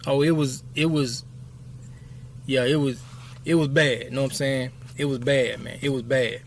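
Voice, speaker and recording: A man's voice: medium pitch, fairly even intonation, normal speed, a little hiss or hum. Fifty-something man telling a rambling story. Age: 50s. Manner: rambling, keeps saying "you know what I'm saying". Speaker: YouTube storyteller. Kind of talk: casual storytelling.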